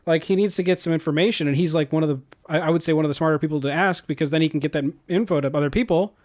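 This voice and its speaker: A man co-hosting a podcast, retelling a movie's plot in loose, rambling chat. His voice sits a little high for a man, and he swears freely and gets animated as he recounts scenes. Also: rapid-fire. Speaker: podcast co-host. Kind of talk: casual movie-recap chat.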